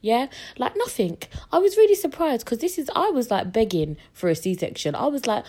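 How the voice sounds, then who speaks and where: Young british woman chatting away, slangy, does all the voices, mid pitch. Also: fast talker, hardly any pauses. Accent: British English. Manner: animated, acts out quoted voices, slangy. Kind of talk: casual storytelling.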